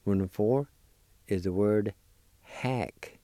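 A man's voice: lowish voice, takes it slowly, mellow, no room sound. A man hosting a radio language lesson, carefully spelling and pronouncing words for his listeners and encouraging them. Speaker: language teacher and show host.

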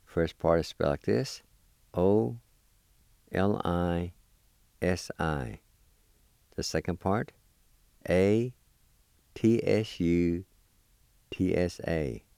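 A man teaching vocabulary, patiently spelling each word letter by letter and repeating it slowly. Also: low-pitched, vocal fry, warm tone, clear, resonant tone, no echo, clean studio sound. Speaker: language teacher. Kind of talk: slow spelling and pronunciation lesson.

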